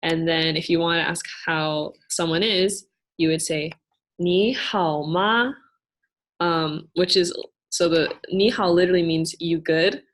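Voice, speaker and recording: A woman's voice: low voice, level tone, moderate pace. A young woman, a student presenter, explaining things in a careful, hedging, casual way. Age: young adult.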